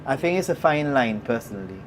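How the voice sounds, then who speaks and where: A host from Gibraltar telling a story in casual chat, turning loud and excited as it goes. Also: mid-range voice, brisk, over a noisy crowd. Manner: animated, gets loud and excited when retelling.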